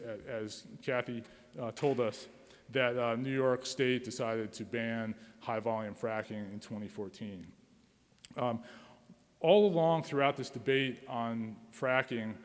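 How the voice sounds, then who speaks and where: Man, middle-aged, conference talk, halting with fillers, long hall reverb. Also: mid-range voice. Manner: hesitant, many fillers and restarts. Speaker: conference speaker, attorney.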